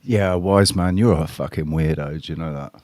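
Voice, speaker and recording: A man with a very deep, darkish voice chats casually on a live stream at normal speed, rambling, blunt and swearing freely as he addresses his chat viewers directly. The recording is dry and studio quality.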